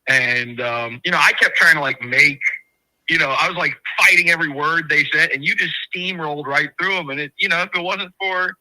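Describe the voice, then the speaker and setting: A man's voice: fairly high pitch, a little fast, pushed and bright, no echo, low-quality recording. A man calling into a talk show, rambling in a casual way and full of compliments. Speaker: caller. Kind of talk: casual chat.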